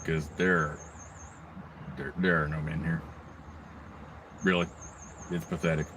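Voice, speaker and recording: A man's voice: very deep voice, little pitch movement, slow pace, fairly bright tone, a little hiss or hum. A man ranting on his own channel, rambling and swearing heavily, with mocking asides. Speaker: video blogger. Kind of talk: angry profane rant.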